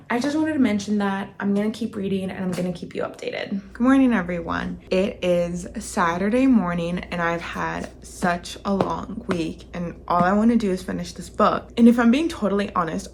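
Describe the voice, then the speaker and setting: A woman's voice: medium pitch, creaky, a little hiss or hum. A woman talking casually in a reading vlog, chatty and emotional with dramatic reactions. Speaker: book vlogger.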